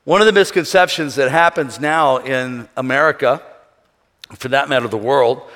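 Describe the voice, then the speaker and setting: A man preaching a sermon as pastor, swinging between quiet passages and shouted calls for praise. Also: medium pitch, moderate pace. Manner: preaching with shouted call-and-response bursts and acted quotes. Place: church sanctuary. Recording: reverberant hall with congregation.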